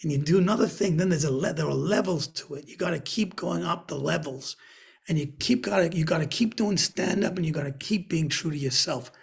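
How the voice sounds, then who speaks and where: A man with a London accent telling stories in a webinar interview, lively and acting out the people he quotes. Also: fairly high pitch, a little fast, creaky, breathy edge. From Britain. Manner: animated storyteller, acts out quoted voices. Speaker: guest comedian. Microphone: video call.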